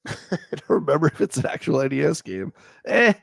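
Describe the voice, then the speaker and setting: A livestream host with a congested, nasal voice reads aloud from old magazine reviews and riffs on them jokingly and at length. He sounds a little high, very animated and brisk, creaky with a fairly bright tone, recorded at studio quality with no room sound.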